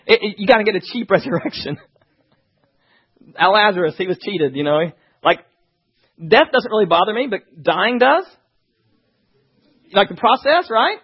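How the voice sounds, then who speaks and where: A man preaching a sermon, reading scripture and talking fast with animated asides. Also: extremely high pitch, slightly rough, dull audio.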